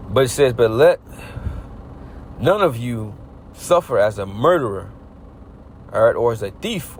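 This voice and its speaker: Low-voiced man preaching casually outdoors. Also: darkish tone, slight background noise. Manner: casual, repetitive, peppered with "you know" and "all right", swears. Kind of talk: informal street sermon.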